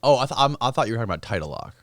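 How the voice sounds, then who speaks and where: A man's voice: medium pitch, very animated, racing, no room sound. A man hosting a podcast who chats casually and teases his guests. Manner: joking, teasing banter. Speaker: podcast host. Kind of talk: casual chat. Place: podcast studio.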